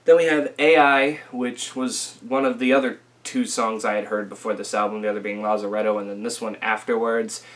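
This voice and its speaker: A young man giving a casual, rambling album review, full of fillers and restarts, a little rough from a recent illness. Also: fairly low pitch, fairly even intonation, fairly quick, few pauses, a bit bright. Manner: rambling, filler-heavy, self-correcting. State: recovering from illness, occasional coughing.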